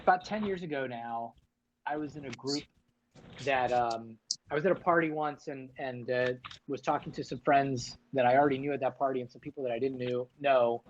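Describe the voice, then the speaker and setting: A man rambles easily through a casual livestream chat, piling up ums and restarts as he talks to his viewers. His mid-pitched voice comes through slightly dull, lo-fi stream audio. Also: normal speed, slight background noise. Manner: loose, rambling, lots of fillers and restarts. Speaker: livestream host.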